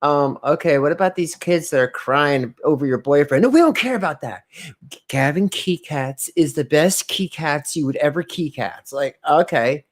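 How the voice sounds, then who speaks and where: A man hosting a casual reaction video, animated and incredulous, laughing often as he mocks what he watches. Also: on the high side, normal speed. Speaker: reaction commentary host.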